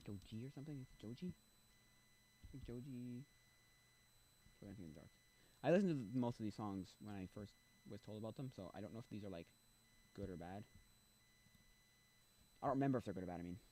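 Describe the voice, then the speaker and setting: Male streamer, casual and rambling, very lively intonation, light background noise. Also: fairly low pitch, brisk, pauses often. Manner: rambling, thinking aloud, sings along at times. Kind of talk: casual livestream chat.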